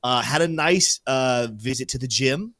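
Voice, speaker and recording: A male host giving casual crypto market commentary in an energetic, joking way, hyping his viewers. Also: mid-range voice, measured pace, dry recording, studio quality. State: teary-eyed.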